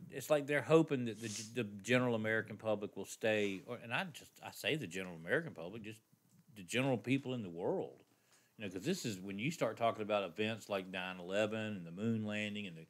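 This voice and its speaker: A man co-hosting a podcast, talking in an animated, rambling way with frequent restarts. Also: lowish voice. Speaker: podcast co-host. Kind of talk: casual podcast chat.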